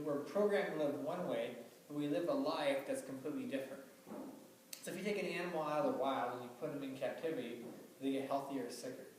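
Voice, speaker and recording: A fairly high-voiced man speaks as a doctor giving a loose, chatty lecture. He leans on fillers and keeps asking the audience questions. He is recorded from far off in a very echoey room, with a faint hum behind him. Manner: casual, filler-heavy, asks the audience questions. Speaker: doctor giving a health talk. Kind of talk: informal lecture to a live audience.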